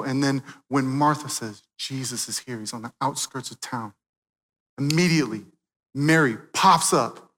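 A man preaching a sermon, swinging from loud, emphatic peaks to quiet, hushed moments. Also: on the high side, long reverb tail. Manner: dynamic preaching, swelling loud then dropping soft.

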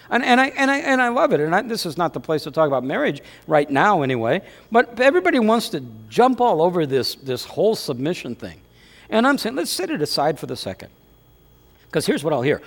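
A man preaching a sermon as pastor of his church, talking in a lively, conversational way full of rhetorical questions. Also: high-pitched, a little fast. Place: church sanctuary. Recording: long hall reverb.

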